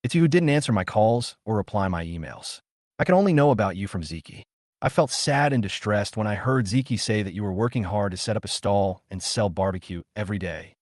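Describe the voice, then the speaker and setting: A man's voice: lowish voice, lively intonation, brisk, a little mellow, no room sound, studio quality, natural voice. A man voicing a tearful young woman pleading with her former fiancé.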